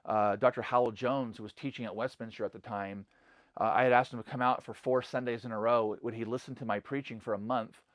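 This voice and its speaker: Earnest middle-aged pastor, dry sound. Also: male voice, mid-range voice, fairly even intonation, fairly quick, dry recording. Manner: loose and conversational, full of "like" and "you know". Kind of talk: casual spoken reflection to camera.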